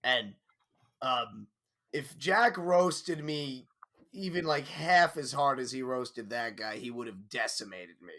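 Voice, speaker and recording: A man co-hosting a podcast in casual chat, quick to laugh and burst into loud exclamations. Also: medium pitch, lively intonation. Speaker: podcast co-host.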